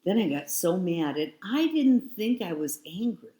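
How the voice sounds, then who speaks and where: Low-voiced, unhurried woman in her sixties, candid storyteller, echoey room. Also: big pitch swings, dark tone. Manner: reflective, frank, repeats phrases. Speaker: guest.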